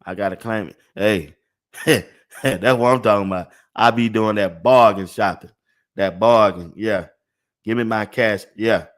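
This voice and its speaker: An older man hosts a casual sports talk livestream at an unhurried, drawn-out pace. He laughs often and repeats the same phrases several times in a row, chatting loosely with his viewers. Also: on the low side. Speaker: sports talk show host.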